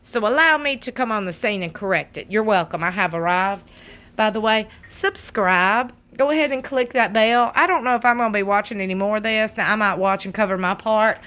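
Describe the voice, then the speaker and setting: Bright, sassy woman. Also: mid-range voice, fairly quick. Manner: sassy, animated, talks straight to viewers. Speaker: commentary channel host. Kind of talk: casual reaction commentary.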